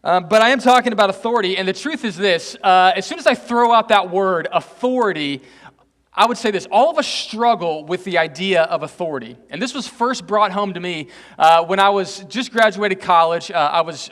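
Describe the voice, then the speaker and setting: A Texas pastor preaches a chatty, self-deprecating sermon in a church sanctuary, frequently tossing "right?" out to the congregation. His voice sits high, brisk, with a fairly bright tone, and the hall echoes.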